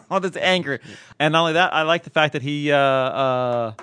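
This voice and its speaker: A man's voice: on the high side, normal speed, sharp tone, smooth, no room sound, clean studio sound. A man co-hosting a podcast in casual chat, laughing often. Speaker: podcast co-host.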